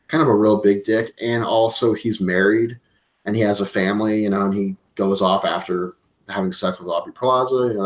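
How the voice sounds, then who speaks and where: A man co-hosting a podcast, retelling a film in a casual, profane way, acting out lines and laughing often. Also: fairly low pitch. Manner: animated, profane storytelling with acted-out quotes and laughs. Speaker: podcast co-host. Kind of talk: casual movie review chat.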